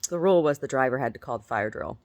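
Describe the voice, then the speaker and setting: Her voice is a rumbling low, expressive and quick-paced, as this middle-aged vlogger talks casually to her camera. She tells meandering stories while laughing, teasing herself, repeating words, and often starting over.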